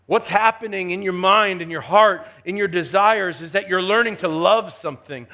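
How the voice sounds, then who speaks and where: A man preaching a chapel sermon with emphatic delivery, swinging from hushed asides to rising exhortation. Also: sits high, normal speed. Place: university chapel.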